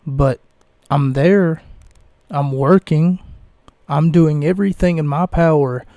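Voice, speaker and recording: A young man hosting a casual podcast, rambling through reviews with many fillers, pauses and restarts. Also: a little high, warm tone, dry recording. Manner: slow, halting, many fillers and self-corrections. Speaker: podcast host reviewing wrestling events.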